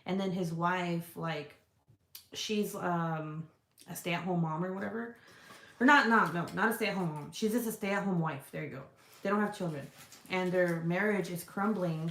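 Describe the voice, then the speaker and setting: A woman's voice: fairly low pitch, reverberant, slight background noise. Chatty, swearing woman livestreaming. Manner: chatty and profane, answers viewer comments. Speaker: livestream host selling scented products. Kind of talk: casual livestream chat. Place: indoor room.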